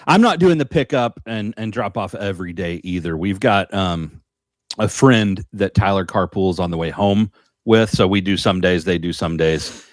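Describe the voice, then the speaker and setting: Man, lowish voice, easygoing co-host, dry recording. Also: normal speed, no echo. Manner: easygoing, talks about family life, some hesitations. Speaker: podcast co-host. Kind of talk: casual chat.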